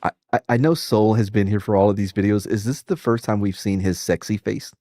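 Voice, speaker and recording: Dark-voiced man in rambling casual chat. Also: on the low side, fairly quick, no room sound, studio quality. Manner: rambling, profane, laughs a lot, restarts. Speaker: streamer host.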